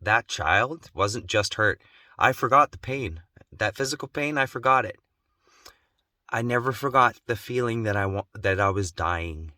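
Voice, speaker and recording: An adult man telling a personal story in an emotional, intense way, growing slow and quiet at its gravest. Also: on the low side, lively intonation, no room sound, studio quality. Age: adult, has children. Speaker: vlogger.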